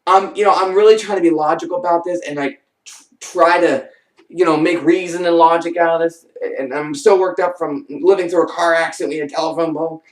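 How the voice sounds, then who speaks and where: Talking a little fast, this vlogger loosely recounts a crazy first-person tale, full of energy and tangents. The mic is distant and the room is roomy and echoing, and he keeps slipping into big, pitch-leaping impressions of the people he quotes.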